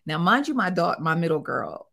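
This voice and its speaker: Woman, middle-aged, lower voice, lively storyteller, acts out quotes. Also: brisk, creaky. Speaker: guest, site owner. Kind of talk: casual storytelling interview.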